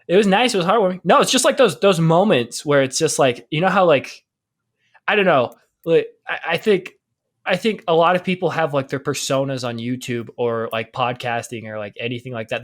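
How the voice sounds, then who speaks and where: A young man co-hosting a podcast, chatting casually, rambling with lots of fillers and restarts and laughing often. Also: medium pitch. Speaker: podcast co-host. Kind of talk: casual chat.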